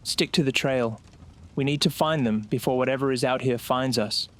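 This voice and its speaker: A man voicing a tense woman who leads a jungle search team, giving low, urgent commands. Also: normal speed, close to an everyday voice.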